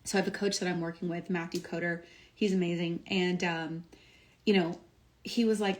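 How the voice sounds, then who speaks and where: A woman's voice: lowish voice, fairly even intonation, moderate pace. Upbeat woman giving a casual motivational talk. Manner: upbeat and emphatic, filler-heavy with frequent "like" and "um". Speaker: doctor and wellness coach.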